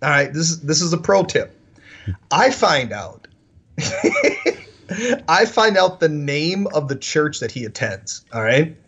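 Husky man telling stories animatedly. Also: a little high, unhurried, long pauses, highs cut off. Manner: animated, full of "like" fillers. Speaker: podcast guest. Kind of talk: casual storytelling.

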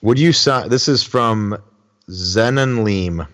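A man's voice: on the low side, takes it slowly, fairly bright tone. A man hosting a podcast, asking questions in an easygoing, agreeable way. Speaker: podcast host. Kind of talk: casual podcast interview.

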